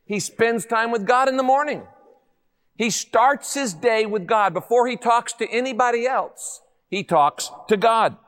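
High-voiced male pastor in a reverberant hall. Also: measured pace. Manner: lively, humorous, full of rhetorical questions. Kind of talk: sermon.

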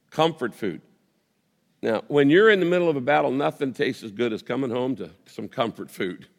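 Pastor preaching in a reverberant hall. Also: male voice, on the high side. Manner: storytelling, dynamic, drops to soft intimate tones. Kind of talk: sermon.

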